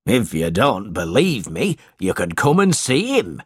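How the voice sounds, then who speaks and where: A cruel schoolmaster gloats and barks orders in a storybook reading, acted by a man. He drags his words slowly with a rough, husky grain. His voice leaps about as he sneers. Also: fairly low pitch, wildly swooping pitch, no echo, clean studio sound, exaggerated voice. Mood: bullying. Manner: bullying, shouting.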